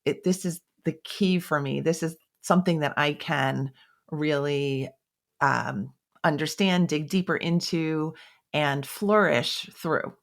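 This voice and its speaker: Low-voiced woman podcast host. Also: slow, vocal fry. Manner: thoughtful, searching for words. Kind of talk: interview questions.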